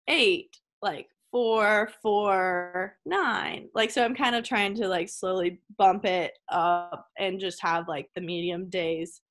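Joining an interview by video call from home, a young college tennis player talks casually, laughs readily, and says "like" often. Her voice is medium-pitched with a fairly bright tone.

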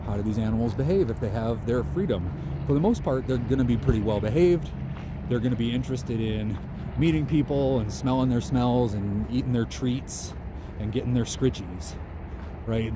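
A man's voice: medium pitch, background noise. A man vlogging outdoors in a park, musing in a loose, conversational way. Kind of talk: casual outdoor monologue.

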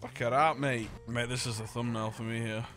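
A man's voice: medium pitch, flat delivery, brisk, a bit bright, soft background music. A young man teasing his friends during a game, cheeky and full of catchphrases. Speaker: gamer. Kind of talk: casual gaming banter.

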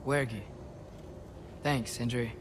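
An actor playing an earnest, gentle, determined teenage boy in a video game. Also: mid-range voice, fairly even intonation, slow pace, noisy background, lightly acted.

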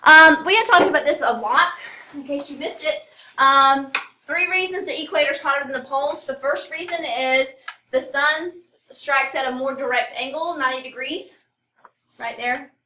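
A woman's voice: high-pitched, moderate pace, bright, forceful tone, a little hiss or hum. A woman teacher giving a casual classroom lecture, full of fillers and asides. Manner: casual, rambling, many fillers. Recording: echoey classroom from a distance.

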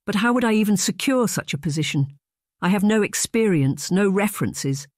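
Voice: mid-range voice, normal speed, a little mellow, breathy edge, dry recording, lightly acted. An anxious young noblewoman on the run, hesitant and doubtful, as an audiobook reader puts her on. Her lines lift a little above the narration. The recording is dry and close.

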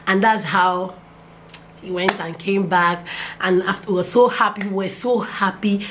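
Young Nigerian woman, casual storytime vlog, lively and repetitive, faint hiss behind. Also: moderate pace. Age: young adult. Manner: animated, repeats phrases, pitch jumps when excited. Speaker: vlogger.

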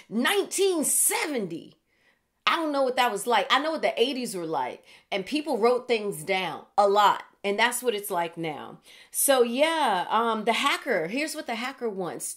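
A middle-aged woman hosting an online news show, talking casually with animated asides and laughing at herself. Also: fairly high pitch. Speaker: host.

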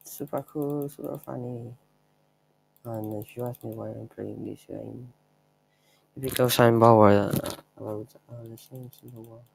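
Slow, gravelly young man narrating gameplay. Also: mid-range voice, steady tone, low-quality recording. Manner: offhand, rambling, chuckles at himself. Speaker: gameplay video maker. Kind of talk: casual gameplay commentary.

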